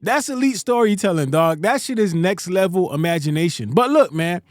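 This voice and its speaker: A man's voice: high-pitched, expressive, moderate pace, no echo, studio quality. A man hosting a casual commentary video, talking in a joking, slangy, skeptical way. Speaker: commentary host.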